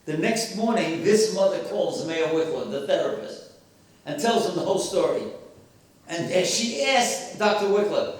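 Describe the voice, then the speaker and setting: High-voiced man preaching in an echoey hall. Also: lively intonation, moderate pace, a little hiss or hum. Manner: emphatic, preachy storytelling with rhetorical questions. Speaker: speaker at a memorial gathering. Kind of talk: sermon-style talk with stories. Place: hall with a live audience. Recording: very echoey hall, voice far from mic.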